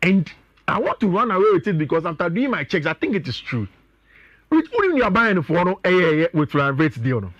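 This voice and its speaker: A man's voice: high-pitched, sing-song, fairly quick, a bit bright, no room sound, muffled recording. A man with a Ghanaian accent, talking as a sports pundit on a radio show, chatty and often addressing his co-host.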